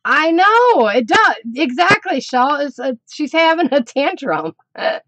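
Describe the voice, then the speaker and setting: A woman's voice: sits high, big pitch swings, a little slow, a bit bright, no echo. A middle-aged woman chatting on a casual craft live stream, teasing her dog and laughing often. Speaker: craft channel host.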